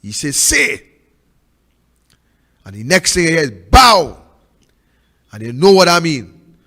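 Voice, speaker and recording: Fiery high-voiced Trinidadian man. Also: big-room sound. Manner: preachy, repeats rhetorical questions, swings from loud to hushed. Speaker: political talk show host. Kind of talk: impassioned political commentary.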